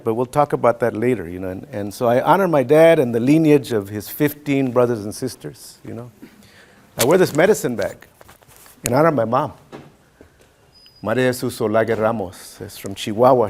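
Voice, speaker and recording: A man's voice: medium pitch, gravelly. Chatty man telling family stories. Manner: relaxed, chatty, many fillers. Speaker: keynote speaker. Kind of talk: personal storytelling speech.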